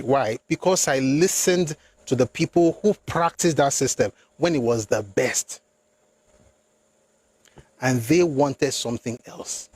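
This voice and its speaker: A man's voice: medium pitch, slow, darkish tone, slightly rough. A man giving an opinionated political monologue, emphatic and rhetorical, slipping into phrases. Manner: emphatic, rhetorical, rising into indignant outbursts; switches between English and Yoruba. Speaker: political commentator.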